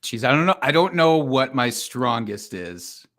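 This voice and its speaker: A man's voice: medium pitch, big pitch swings, unhurried, fairly bright tone. A man from Iowa, a guest on a podcast, chatting in a joking, self-deprecating way. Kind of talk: casual podcast interview.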